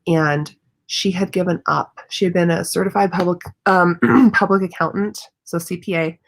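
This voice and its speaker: Low-voiced earnest woman guest. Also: normal speed, vocal fry. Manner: earnest, thoughtful, with many fillers. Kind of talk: casual live chat.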